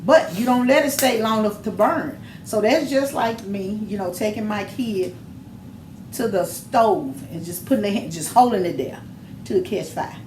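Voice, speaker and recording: A woman's voice: medium pitch, normal speed, darkish tone, a little hiss or hum. Emphatic middle-aged woman in an echoey room. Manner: emphatic, preachy storytelling. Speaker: podcast guest, mother. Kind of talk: casual chat.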